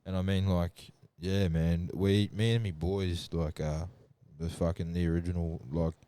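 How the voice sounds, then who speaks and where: Young aussie bloke, really deep mellow voice, swears a lot, dry close sound. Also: male voice, fairly even intonation, measured pace, clean tone. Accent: Australian. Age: young adult. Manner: rambling, swearing storyteller. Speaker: podcast guest. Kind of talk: casual chat.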